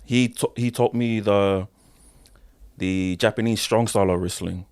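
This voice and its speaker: A man tells his wrestling stories in a relaxed interview. His voice sits fairly low, and he talks in loose slang, swearing freely and calling people "bro.". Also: a little slow, clear, resonant tone. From New Zealand. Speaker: professional wrestler, podcast guest. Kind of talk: casual interview storytelling.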